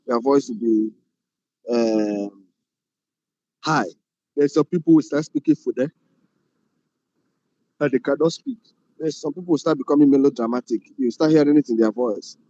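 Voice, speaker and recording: A man's voice: medium pitch, normal speed, pauses often, mellow, no echo, muffled recording. A man lecturing a film class on directing, often repeating phrases and asking rhetorical questions.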